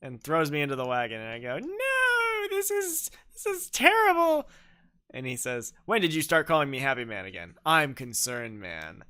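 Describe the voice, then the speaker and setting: Bright, lively young man streaming a game. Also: medium pitch, brisk, hardly any pauses, clean tone. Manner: playful, jokey storytelling with silly voices. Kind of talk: livestream gameplay chat.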